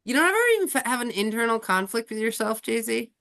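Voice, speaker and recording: A woman's voice: a little high, animated, quick pace, creaky, a bit bright. Woman host chatting away, lots of likes and you-knows, laughs a lot. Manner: chatty, many fillers, laughs often. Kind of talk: casual group chat.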